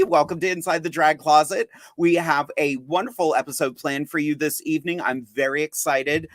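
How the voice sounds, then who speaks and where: Man, podcast host, chatty, upbeat, self-mocking, fairly high voice, dry close sound. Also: a bit bright, dry recording. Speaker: podcast host and drag artist. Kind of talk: casual livestream chat.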